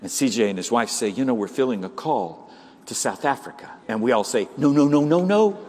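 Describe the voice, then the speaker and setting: A man preaching a sermon as pastor, animated, swinging from loud, high exclamations to hushed, low passages. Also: a little fast, long reverb tail.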